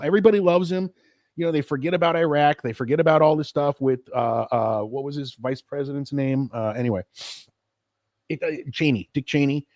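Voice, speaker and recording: A man's voice: fairly high pitch, darkish tone, dry recording, clean studio sound. A middle-aged American man hosting a casual solo livestream, rambling and frustrated, swearing freely and restarting his sentences. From United States. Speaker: podcast host.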